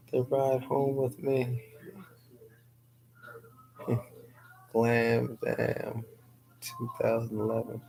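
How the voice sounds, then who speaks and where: New lady guesting on a livestream, slow talker, kinda gravelly, laughs a lot, chats with the viewers. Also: very deep voice, dark tone, slight background noise, low-quality recording. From New York City. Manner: chatty, laughs often, answers viewers by name. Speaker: guest on a live-streamed show. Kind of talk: casual chat, reading viewer comments aloud.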